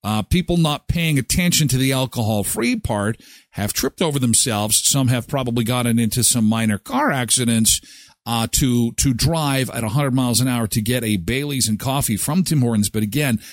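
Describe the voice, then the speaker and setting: A man's voice: medium pitch, moderate pace, no echo, studio quality. A man from Canada hosting a casual live morning show, chatting and reading sponsor spots. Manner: chatty and animated, jumps into quoted voices.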